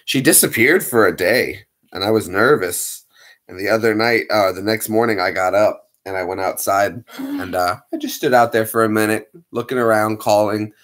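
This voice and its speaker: A man hosting a casual live stream, chatting playfully with his viewers in an animated way. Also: on the low side, moderate pace.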